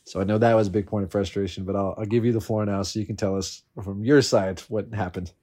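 A man's voice: lowish voice, fairly even intonation, fast talker, warm tone. A man in casual chat, animatedly telling a fantasy football story, swearing and laughing as he goes. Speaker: fantasy football league member.

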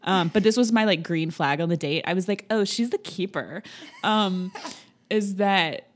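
A woman's voice: fairly low pitch, normal speed. Giggly woman podcast host telling stories. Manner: giggly, rambling storyteller acting out quotes. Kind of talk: casual chat.

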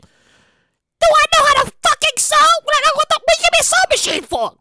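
Brief: brash, scolding mother with a high, shrill pitch , as a woman puts her on. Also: big pitch swings, normal speed, very noisy. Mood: demanding. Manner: loud, high and bossy.

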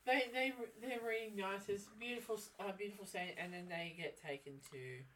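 A woman co-hosting a podcast, recapping a TV episode in relaxed, casual chat and chiming in with short remarks. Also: medium pitch, moderate pace, recorded from a distance. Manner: relaxed, chimes in with short remarks and agreeing hums. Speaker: podcast co-host.

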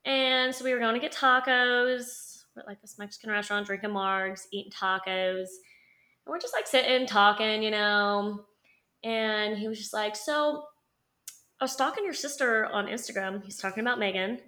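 A woman's voice: medium pitch, fairly even intonation, moderate pace, sharp tone. Sassy chatty young woman podcaster. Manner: chatty, sassy, laughs often, many "like" fillers. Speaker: podcast co-host. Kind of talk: casual storytelling chat.

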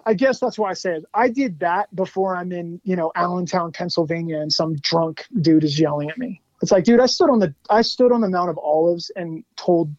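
A man guesting on an interview show, telling animated stories in a casual chat, laughing often and saying "like" a lot. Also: high-pitched, brisk, hardly any pauses, dry recording, muffled recording. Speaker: guest musician.

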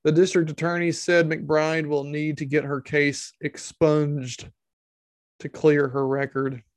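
A man's voice: a little high, little pitch movement, takes it slowly, no echo. A man giving casual comedic commentary, sarcastic and incredulous, swearing freely.

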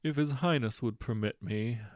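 A man voicing a polite, measured royal advisor. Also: mid-range voice, no room sound, studio quality, close to an everyday voice. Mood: formal. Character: formal, deferential male royal advisor.

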